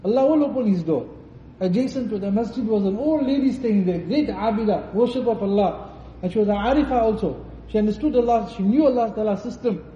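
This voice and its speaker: A man preaching fast in a high voice, fervent and pleading as he repeats his invocations. He sounds far from the mic in an echoey mosque, on a dull lo-fi recording with faint noise behind him. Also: dark tone. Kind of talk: Ramadan night sermon and supplication.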